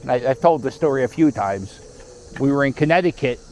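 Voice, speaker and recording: Scooting through a park, a man delivers casual running commentary full of wry remarks and rambling story asides. His voice is medium-pitched and a little mellow, with lively intonation at a moderate pace, and there's slight background noise.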